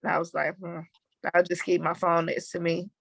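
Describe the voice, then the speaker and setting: Gravelly-voiced woman recounting a painful memory. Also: fairly low pitch, level tone, dry recording. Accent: Southern American. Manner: halting, emotional retelling. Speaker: mother telling her story. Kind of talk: personal testimony.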